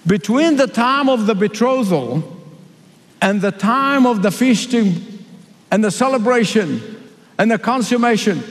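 A male preacher from the Middle East delivers an emphatic sermon in a fairly high voice. He repeats his key lines and drags them out slowly for weight. A long hall reverb trails every phrase.

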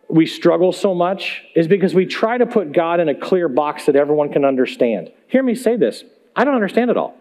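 In a church sanctuary, a pastor gives a sermon, speaking conversationally to the congregation and posing emphatic rhetorical questions. He has a high, slightly mellow male voice.

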